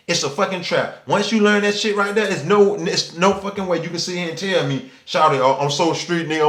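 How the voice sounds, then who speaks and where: A high-pitched man with an Atlanta Southern accent talks loosely and profanely, tossing in fillers and acting out the people he quotes. His voice bounces around a roomy, echoey space. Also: a bit bright. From Atlanta, Georgia. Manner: loose, profane street talk with many "you know what I'm saying" fillers. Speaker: channel host. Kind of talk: casual monologue.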